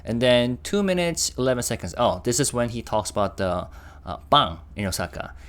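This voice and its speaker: A man's voice: medium pitch, big pitch swings, brisk, fairly bright tone. A young man hosting a casual reaction video, chatting and stopping often to react and translate. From Korea.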